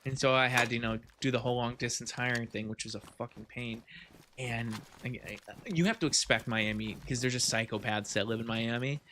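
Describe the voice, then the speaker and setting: A man's voice: mid-range voice, fairly even intonation, fairly quick, pushed and bright, slight background noise. A man hosting a podcast while gaming, chatting casually and rambling, with a lot of swearing and laughter. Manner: rambling, profane, laughing often. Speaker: podcast host.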